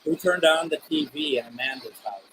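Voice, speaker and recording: A man's voice: fairly high pitch, a little fast, fairly bright tone, slight background noise, rough recording. A man hosting a live spirit box stream, talking to spirits and reading out viewer comments.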